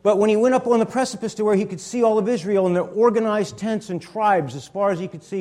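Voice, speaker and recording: A man reading scripture slowly and deliberately, then explaining the meaning of the words as a Bible teacher. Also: high voice, a little mellow. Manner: explains word meanings and pronunciations.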